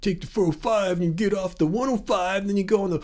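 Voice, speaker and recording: A man's voice: high-pitched, quick pace, a little mellow, close to an everyday voice. A man in his fifties putting on an exaggerated Californian accent as a laid-back dude giving freeway directions, in a drawling, sing-song way.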